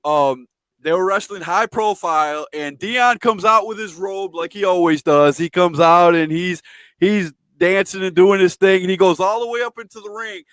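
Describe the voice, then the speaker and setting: A man's voice: high-pitched, normal speed, a bit bright, smooth, no echo, clean studio sound. A man hosting an interview, telling a funny story with eager laughs and stumbling restarts. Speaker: interview host. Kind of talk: casual interview chat.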